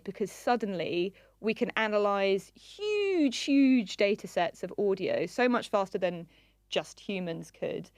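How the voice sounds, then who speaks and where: Woman, science reporter, quick lively talk, dry close mic. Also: medium pitch, no room sound. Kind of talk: explanatory chat.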